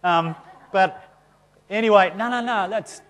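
A man preaching to a church congregation. He talks in a loose, conversational way, full of self-deprecating stories. His delivery stays lively and chatty rather than formal. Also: sits high, unhurried. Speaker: pastor. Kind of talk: sermon.

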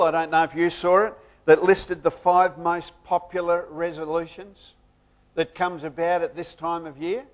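A man pastor who prays softly, then preaches a sermon with lively humor and jokes. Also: high voice.

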